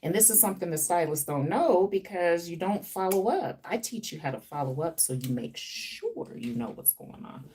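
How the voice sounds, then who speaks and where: A woman's voice: lowish voice, very animated, moderate pace, dark tone, far from the mic. Chatty, playful woman. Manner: chatty, playful, teasing viewers. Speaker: hair stylist streaming live. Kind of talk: live stream chat while styling hair. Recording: off-mic with faint background noise.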